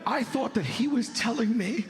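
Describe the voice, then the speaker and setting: A male stand-up comedian telling a story on stage, animated and lively, with sudden jumps into loud character voices. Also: very high-pitched, moderate pace, very noisy. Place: large theater stage. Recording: reverberant hall, loud audience.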